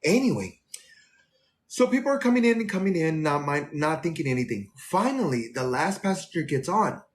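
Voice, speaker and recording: Animated rambling man telling a story. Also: a little high, normal speed. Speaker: flight attendant. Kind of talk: casual storytelling on a live stream.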